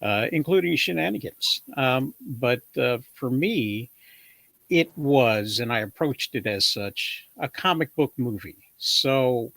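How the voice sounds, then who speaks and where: A man's voice: medium pitch, animated, creaky, a bit bright, no echo. Man musing with many "uh"s. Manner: measured, many fillers like uh and um. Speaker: podcast guest. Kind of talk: casual movie discussion.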